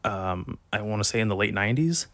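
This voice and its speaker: A man's voice: fairly low pitch, animated, a little fast, vocal fry, a bit bright, no room sound. A man chatting casually on a podcast, a rambling, self-deprecating storyteller who swears freely. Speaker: podcast co-host.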